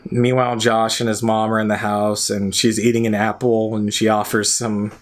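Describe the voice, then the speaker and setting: A man's voice: on the low side, little pitch movement, moderate pace. Young male podcast co-host, rambling casual recap, frequent laughter and filler words. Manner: rambling, laughs often, lots of "like" and swearing. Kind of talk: casual chat recapping a movie.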